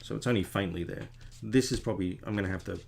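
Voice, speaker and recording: A man's voice: low voice, quick pace, creaky, a little mellow, a little hiss or hum. A middle-aged man, an artist, chatting casually and digressively as he works on a drawing, often poking fun at himself. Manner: chatty, digressive, self-deprecating. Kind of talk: casual rambling commentary while drawing.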